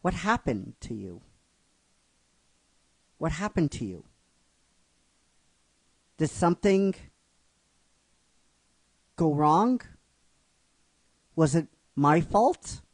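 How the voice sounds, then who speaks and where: A man voicing a heartbroken young woman holding back tears, asking pleading, halting questions in a storytelling recap. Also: fairly high pitch, sing-song, dry recording, pitched above the performer's own voice, heavily acted. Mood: anguished.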